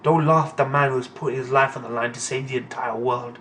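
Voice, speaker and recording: A young man reading a manga aloud and reacting in a casual, profane, excitable way. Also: mid-range voice, fairly quick, distant mic, a little hiss or hum.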